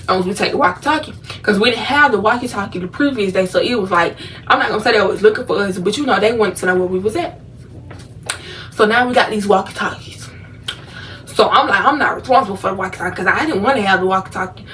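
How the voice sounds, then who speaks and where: A woman's voice: mid-range voice, fast talker, a bit bright, recorded from a distance, a little hiss or hum, low-quality recording. A woman from Memphis telling a casual storytime to her viewers, chatty and full of fillers. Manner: chatty, talks straight to viewers, many fillers. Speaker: vlogger.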